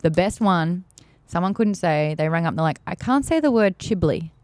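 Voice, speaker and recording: A woman co-hosting a casual podcast chat, animated and jumping high in pitch when excited. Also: brisk, clear, resonant tone, no room sound. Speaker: podcast co-host.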